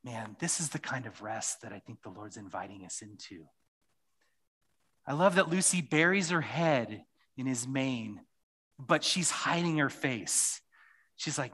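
A man's voice: mid-range voice, animated, unhurried, bright, forceful tone, husky. A man preaching a sermon and leading a closing prayer, speaking earnestly and often repeating phrases. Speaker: pastor.

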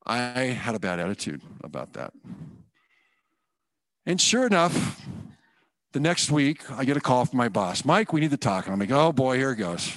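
A man giving a personal testimony in church, telling his story in an animated, self-deprecating way and acting out the thoughts he had. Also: medium pitch, moderate pace, long pauses, no echo. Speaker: guest speaker giving testimony.

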